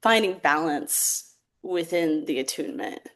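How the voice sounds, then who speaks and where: A young woman speaking on a podcast in a low-pitched, reflective voice. She talks casually, with plenty of "like" fillers, and laughs easily between thoughts. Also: expressive, unhurried. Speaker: therapeutic theatre practitioner, podcast guest.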